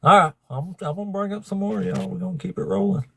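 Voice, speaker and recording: Laughing, profane livestream host. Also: male voice, sits high, fast, vocal fry, bright, forceful tone, breathy edge, no room sound. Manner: profane, laughing, talks to chat. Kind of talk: casual livestream chat.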